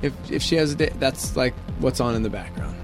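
A man's voice: medium pitch, animated, fairly quick, faint music behind. A man co-hosting a morning radio show, joking along while sick with a frog in his throat. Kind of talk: playful morning radio banter.

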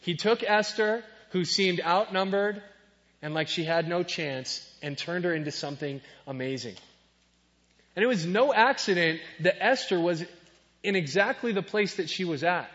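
A man preaching a lively sermon, joking and firing questions at his audience. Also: high voice, normal speed. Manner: playful, jokey, asks the audience questions. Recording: dull sound in a reverberant hall.

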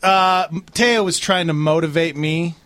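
A man's voice: on the high side, a little slow, a bit bright, no echo. A man co-hosting a radio show, telling stories in a chatty way. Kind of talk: casual radio banter. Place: radio studio.

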